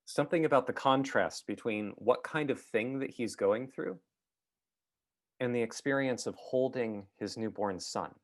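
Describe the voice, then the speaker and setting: As a guest speaker, a man with a medium-pitched voice gives a reflective talk. He is thoughtful and halting, with many fillers and restarts.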